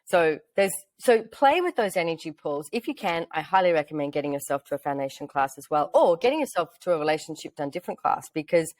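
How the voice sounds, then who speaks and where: A woman's voice: fast, hardly any pauses, no room sound. A woman with an Australian accent, chatting casually as a podcast host and acting out bits of dialogue as she tells stories. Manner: animated, acts out quoted dialogue in a high voice. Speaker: podcast host, relationship facilitator. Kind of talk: casual storytelling chat.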